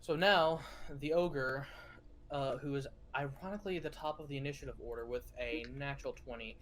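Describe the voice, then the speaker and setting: A man's voice: medium pitch, fairly quick, a bit bright. A man narrating and running a tabletop game as game master, describing actions with lots of fillers and restarts. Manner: narrates actions with frequent fillers and self-corrections.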